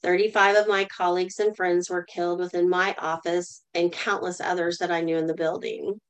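A woman's voice: lowish voice, little pitch movement, normal speed, clear, resonant tone, poor audio. A middle-aged woman telling a personal story as a guest in a live online talk, earnestly, and asking the audience to answer in the chat. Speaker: guest speaker.

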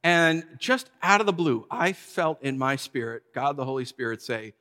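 A man in his thirties preaching a casual storytelling sermon as pastor, animated and acting out voices from his stories. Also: mid-range voice, moderate pace, hardly any pauses. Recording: long hall reverb.

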